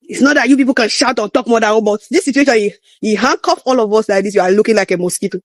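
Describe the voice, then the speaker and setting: A man's voice: sits high, fast, no echo. Guy ranting hard, pidgin mixed in, super dry close sound. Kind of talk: commentary video.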